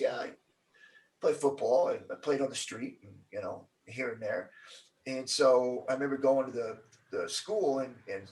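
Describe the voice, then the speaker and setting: Middle-aged guy telling a story in an interview, acts out the quotes, sounds a bit far from the mic. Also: mid-range voice. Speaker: interview guest.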